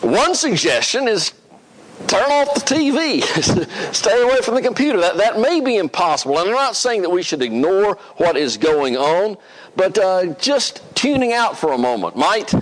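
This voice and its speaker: Casting note: male preacher, high and animated delivery, leads the congregation in song. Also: poor audio. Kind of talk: sermon with congregational singing.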